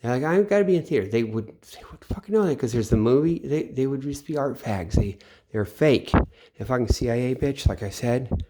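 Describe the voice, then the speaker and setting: A man's voice: mid-range voice, normal speed, dark tone. Rambling, profane middle-aged man. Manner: rambling, profane, trailing off into mutters. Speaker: channel host. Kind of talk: late-night rambling monologue. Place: home at night.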